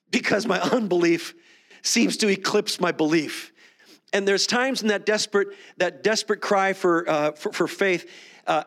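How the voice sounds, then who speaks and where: A man's voice: high-pitched, fairly bright tone. A man preaching a Sunday sermon in a conversational way, with many restarts. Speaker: pastor. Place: church sanctuary.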